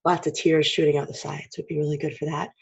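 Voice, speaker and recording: A woman with a frog in her throat, chatty and clearing her throat often as she teaches a casual drawing lesson. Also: low voice, level tone, fast talker. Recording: dull lo-fi recording.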